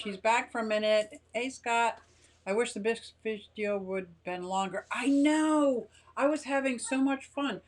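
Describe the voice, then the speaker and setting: An older woman with a mid-range voice hosts a casual live stream from her garage at home, rambling along and reading viewers' comments out loud.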